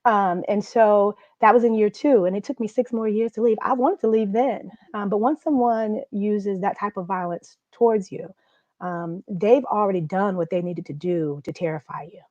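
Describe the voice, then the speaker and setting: A woman giving personal testimony as a conference speaker, earnest and halting with frequent restarts. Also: mid-range voice, a little mellow, dry recording. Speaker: guest speaker, domestic violence survivor. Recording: dull, dry audio.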